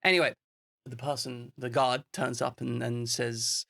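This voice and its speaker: A man's voice: medium pitch, flat delivery, measured pace, vocal fry, pushed and bright. A man running a tabletop game as game master, laughing often and joking at his own expense. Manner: laughs often, self-deprecating.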